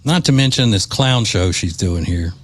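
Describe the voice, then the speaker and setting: A man's voice: fairly low pitch, lively intonation, moderate pace. A man from Louisiana hosting a political talk show, delivering mocking, indignant commentary.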